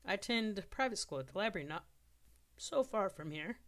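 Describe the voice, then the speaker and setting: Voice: medium pitch, expressive, moderate pace, a bit bright. Reader doing Katie, a shy polite homestead girl. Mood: hesitant. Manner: hesitant and polite.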